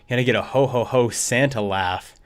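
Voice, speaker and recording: A man's voice: mid-range voice, brisk. Rambling man on a music livestream. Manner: rambling, thinking aloud, self-interrupting. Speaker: music producer livestream host. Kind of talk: casual livestream chat. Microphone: desk USB microphone.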